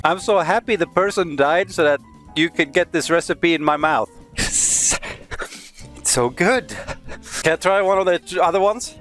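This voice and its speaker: A man's voice: fairly high pitch, moderate pace, a bit bright, soft background music. A man acting as a guest taste tester, reacting to food in an enthusiastic, laughing and crude way. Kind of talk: casual reactions while tasting food.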